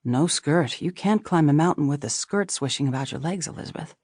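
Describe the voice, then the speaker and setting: A woman reading the lines of a calm, steady young husband who speaks softly and evenly in an audiobook. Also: low voice, fairly quick, no room sound, clean studio sound. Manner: calm, even and soft-spoken.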